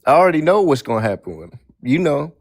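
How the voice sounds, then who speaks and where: A man giving measured, explanatory commentary as a guest in a discussion. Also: fairly high pitch, sing-song, no room sound, clean studio sound.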